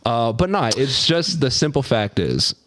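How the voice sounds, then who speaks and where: A man's voice: mid-range voice, sing-song, normal speed, fairly bright tone, no echo, clean studio sound. A man in his late thirties hosting a podcast, talking bluntly and swearing casually as he jokes about himself. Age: 30s. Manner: blunt, profane, self-deprecating. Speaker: podcast host.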